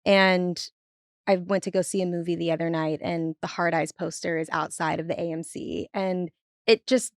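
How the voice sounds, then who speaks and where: A woman's voice: on the low side, fairly even intonation, normal speed, dry recording. Chatty young woman guest, dry sound. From Tennessee. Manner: chatty, lots of "like" and restarts. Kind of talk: casual podcast interview.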